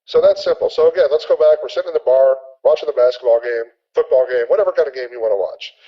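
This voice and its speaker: A man teaching a sales training webinar, energetic and repetitive, acting out sample conversations. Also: mid-range voice, fast talker, lo-fi sound.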